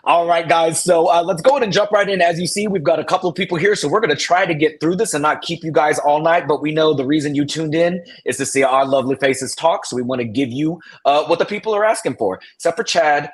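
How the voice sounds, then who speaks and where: A man's voice: on the high side, fast talker, hardly any pauses, husky. Chatty man hosting a reality TV recap. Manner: chatty, laughs often, gossipy. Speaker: podcast host. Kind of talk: casual recap chat.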